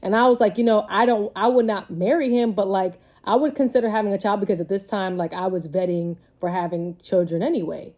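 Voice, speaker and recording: A young woman, pregnant, telling a personal story in a relaxed, gossipy way. Her voice sits at a middle pitch and wanders through fillers and restarts as she recounts events. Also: brisk, few pauses. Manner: chatty, conversational, lots of "like" fillers. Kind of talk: casual story time.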